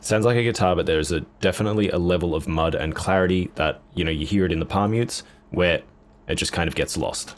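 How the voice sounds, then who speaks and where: Deep-voiced blunt man reviewing gear. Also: brisk, music in the background. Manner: blunt, offhand, swears casually. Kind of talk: casual gear demo talk.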